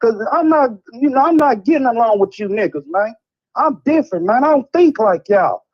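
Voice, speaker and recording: Frustrated caller ranting over a muffled line. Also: male voice, extremely high pitch, expressive, moderate pace. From Chicago. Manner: frustrated, rambling, repeats "man" and "White". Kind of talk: heated call-in rant.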